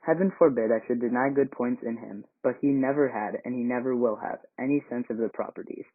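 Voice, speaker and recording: A man reading as a smug, sanctimonious gentleman. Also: mid-range voice, a little fast, natural voice. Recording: tinny phone-like sound.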